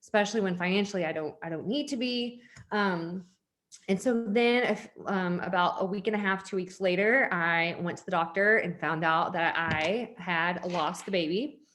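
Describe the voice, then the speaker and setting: A woman in her thirties, a network marketing leader, tells an audience her personal story candidly and chattily, with lots of "like" fillers. Her voice is on the low side, a bit bright, at normal speed. She's at home with children nearby and laughs when uncomfortable.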